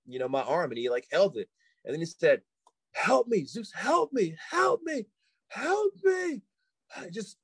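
A man, a podcast guest, telling a story in casual chat, animated, repeating himself with many fillers and restarts. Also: a little high, dry recording, rough recording.

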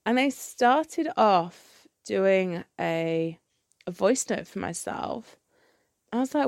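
A woman's voice: mid-range voice, animated, slow, creaky, darkish tone, dry recording, studio quality. A woman hosting her own podcast, talking candidly and rambling with plenty of fillers and restarts. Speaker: podcast host. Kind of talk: candid solo podcast chat.

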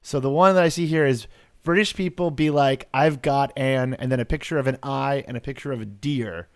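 A man's voice: mid-range voice, a little fast, dry recording. A man hosting a podcast, chatting casually with rambling asides. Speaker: podcast host. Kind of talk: casual chat.

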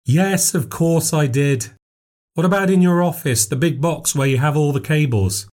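A man's voice: fairly high pitch, moderate pace, darkish tone, voice pushed up, close to an everyday voice. A man voicing a harried, impatient wife and mother with clipped questions. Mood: exasperated.

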